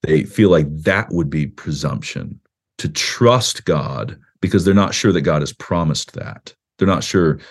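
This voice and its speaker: Low-voiced pastor, animated and conversational. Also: male voice, unhurried. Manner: animated, acts out quoted speech with a raised voice; conversational with frequent restarts and "you know". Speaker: pastor and author, interview guest. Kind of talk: explaining in a podcast interview.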